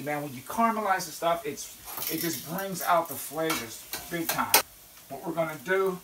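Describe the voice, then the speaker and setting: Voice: medium pitch, fairly bright tone, slight background noise. A cooking show host giving a casual, folksy demonstration at the stove, often checking in with "okay?" and letting out sudden whoops. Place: kitchen at a stove. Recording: echoey kitchen from a distant mic, with sizzling pans.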